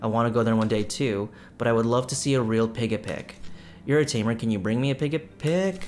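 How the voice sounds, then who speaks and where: A man's voice: mid-range voice, brisk, a little hiss or hum, natural voice. A man doing an eager little child. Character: eager young child who loves plushies.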